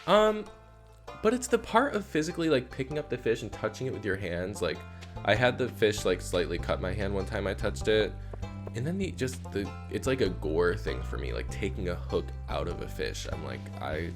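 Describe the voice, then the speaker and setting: A man streams a farming game live and chats with his viewers in a loose, rambling way. His voice is deep and bounces up and down a lot, with game music playing underneath. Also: very animated, normal speed. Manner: chatty and rambling, talks to viewers as "y'all". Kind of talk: casual live-stream chat.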